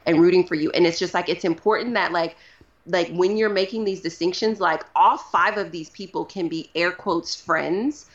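Woman guest, casual chatty delivery, slightly low voice, muffled lo-fi sound. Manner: animated, uses many fillers like "like". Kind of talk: casual interview talk.

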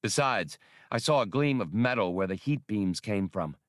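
A man voicing a cocky, sardonic male starship captain in an audiobook, quick and commanding. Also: lowish voice, lively intonation, no echo, clean studio sound, close to an everyday voice. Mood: tense commanding. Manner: wry, commanding.

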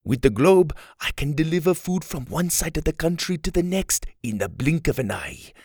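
A man's voice: a little high, expressive, normal speed, a little mellow, no echo, studio quality, pitched above the performer's own voice. A man voicing a playful, menacing male villain in a children's audio story. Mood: teasing. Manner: teasing, then threatening.

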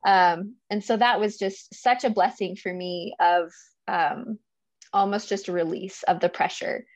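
A woman's voice: medium pitch, steady tone, measured pace, no room sound. A woman speaking as a guest coach in a casual interview, earnest and emotional, often laughing as she talks. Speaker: guest, business coach for mothers.

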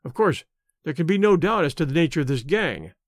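A man voicing a confident Victorian police inspector who talks in a hearty, brisk way. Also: fairly high pitch, very animated, no echo, clean studio sound.

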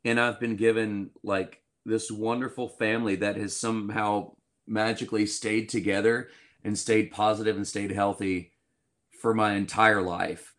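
Lively storytelling Southern man, low voice. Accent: Southern US, light. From Georgia, US. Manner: animated storyteller, acts out quoted voices. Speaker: guest musician. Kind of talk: casual interview chat.

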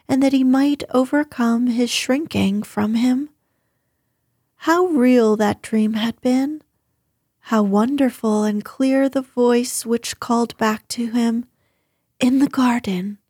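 A woman reading a classic novel aloud in a calm, measured voice that turns softly whispered in places. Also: a little high, breathy edge, dry recording, studio quality. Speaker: reader. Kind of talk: storybook read-aloud.

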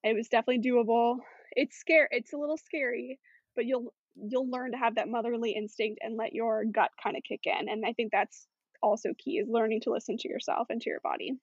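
A woman's voice: fairly high pitch, fairly even intonation, brisk, breathy edge, dry recording, lo-fi sound. A woman talking as a podcast guest in casual chat, chatty with many fillers.

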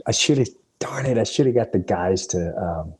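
A man hosting a podcast, telling animated, rambling off-the-cuff stories that wander off on side paths. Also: fairly low pitch, moderate pace, breathy edge. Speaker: podcast host, comedian. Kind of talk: off-the-cuff storytelling.

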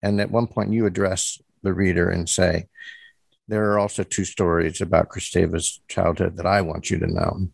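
A man's voice: deep voice, level tone, moderate pace, gravelly, breathy edge, no room sound. A man hosting an interview, asking questions in a hesitant way with stammers and restarts. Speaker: interview host. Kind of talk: conversational interview.

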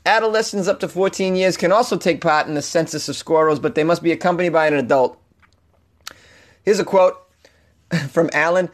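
Boston guy with a high-ish voice, sarcastic comedy news host, keeps laughing and tripping over words. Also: brisk, long pauses. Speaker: podcast host. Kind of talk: comic news commentary.

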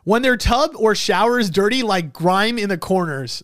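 Animated, profane young man host. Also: high-pitched, normal speed, no room sound, clean studio sound. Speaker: podcast host. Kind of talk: casual commentary reading listener comments.

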